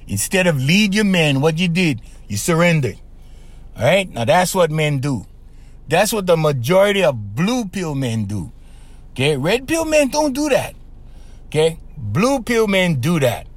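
A man talks through relationship advice on his podcast in a loose, emphatic monologue. His voice sits a bit high for a man and swings widely in pitch. He keeps punctuating points with "okay?" and "right?". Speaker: podcast host.

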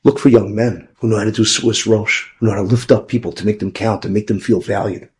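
A man who is a rabbi, telling an inspirational story in a conversational way, moving between emphatic bursts and hushed asides. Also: on the low side, steady tone, fast.

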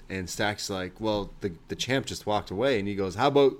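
A man's voice: fairly low pitch, fairly quick. A man co-hosting a wrestling review show, recapping scenes in casual chat and quoting the wrestlers' lines. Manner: recounts scenes, quoting lines in put-on voices.

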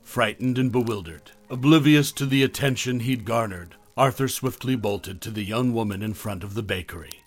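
A man reading a scripted horror story in a measured, dramatic way. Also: mid-range voice, soft background music. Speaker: horror podcast narrator.

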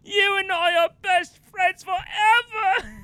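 A woman's voice: very high voice, fairly even intonation, slow, sharp tone, no room sound, clean studio sound, pitched above the performer's own voice, full character voice. A woman playing an overdramatic male actor in an improvised comedy bit, wailing every line with tearful, theatrical melodrama. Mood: melodramatic. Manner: wailing, over-the-top melodrama.

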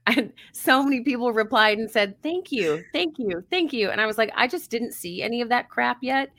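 A woman's voice: a little high, big pitch swings, moderate pace, a bit bright, no echo. A woman guest talking about grief support in an earnest, reflective way, laughing now and then. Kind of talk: reflective conversational interview.

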